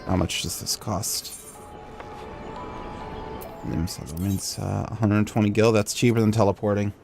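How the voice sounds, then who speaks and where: A man's voice: lowish voice, steady tone, a little slow, creaky, over music. A man streaming a game, thinking aloud in a chatty, self-deprecating way. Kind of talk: casual gameplay commentary.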